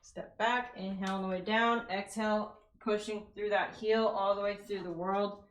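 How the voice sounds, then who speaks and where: A woman's voice: medium pitch, fairly even intonation, normal speed, echoey room. A woman leading a live workout class, counting reps and giving casual, encouraging form tips while out of breath. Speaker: fitness coach.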